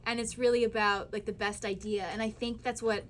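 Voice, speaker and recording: A young actress woman telling chatty, animated stories with fillers at a live cinema Q&A. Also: fairly high pitch, fairly quick, slight background noise. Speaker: actress at a screening Q&A. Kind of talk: live Q&A storytelling. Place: cinema auditorium.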